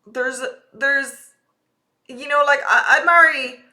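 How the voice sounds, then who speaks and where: A woman's voice: sits high, slow pace, pushed and bright. A young woman streaming live, chatting casually and ranting with a lot of swearing.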